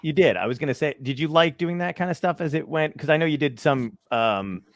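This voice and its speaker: Upbeat host, dry close sound. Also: male voice, fairly high pitch, a little fast, no echo. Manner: friendly, hesitant questions with fillers. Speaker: podcast host. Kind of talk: casual interview.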